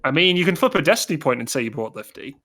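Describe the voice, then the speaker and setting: A man narrating as game master of a tabletop game, relaxed and hesitant, with fillers and chuckles. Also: a little high, quick pace.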